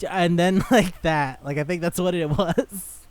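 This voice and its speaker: A man co-hosting a podcast, his voice sitting a touch higher than most men's. He rambles from one thought to the next, curses casually and breaks into laughter often, all in loose, unscripted chat. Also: unhurried, clear, resonant tone, no room sound. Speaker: podcast co-host.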